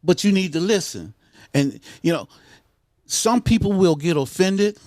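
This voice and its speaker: A man's voice: high voice, lively intonation, unhurried, darkish tone, no room sound, clean studio sound. An older man, a guest in a casual interview, talking bluntly and swearing often. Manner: blunt, swears a lot, street talk.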